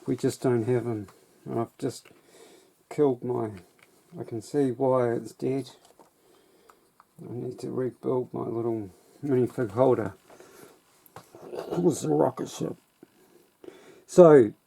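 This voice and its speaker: A man's voice: mid-range voice, creaky, dark tone. A man casually reviewing a toy set in a rambling, self-deprecating way.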